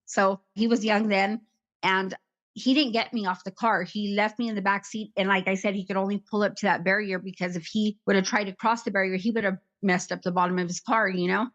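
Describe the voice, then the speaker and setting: A woman's voice: mid-range voice, steady tone, a little fast, a bit bright. Woman in her fifties, lo-fi recording. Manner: rambling, jumps between memories. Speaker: interview guest. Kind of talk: emotional personal recollection.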